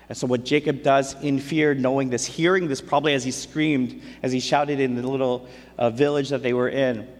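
Male preacher, mid-pitched, chatty retelling of scripture, echoing hall sound. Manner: conversational, retells scripture in everyday speech. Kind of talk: casual sermon storytelling. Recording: long hall reverb.

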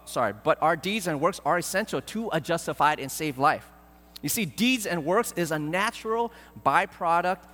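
A man preaching a sermon as pastor, earnest and pleading, often repeating words and filling pauses. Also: a little high, a bit bright, big-room sound.

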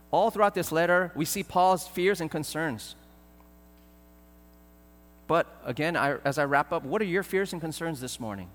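A man preaching a sermon as pastor, earnest and pleading, often repeating words and filling pauses. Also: on the high side, fairly bright tone, long reverb tail.

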